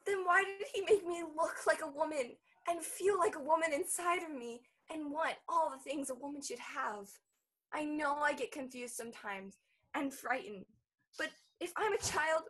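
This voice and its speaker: An actress playing a childlike grown woman who pleads with her stern mother in an earnest, halting way. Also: on the high side, fairly bright tone, slightly rough. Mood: pleading. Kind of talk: stage drama acting.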